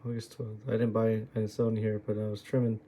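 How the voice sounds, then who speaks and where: A man's voice: on the low side, little pitch movement, fast, dark tone, slight background noise. A man going over his own trades and muttering to himself, exasperated and swearing at his own choices. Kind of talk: muttering self-critical screen review.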